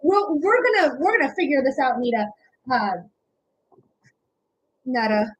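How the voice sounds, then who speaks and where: Brief: young woman, high voice, chatty livestream reader, affectionate, lots of "okay?" and "um". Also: sing-song, unhurried, slight background noise, low-quality recording. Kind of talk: casual livestream chat, reading comments.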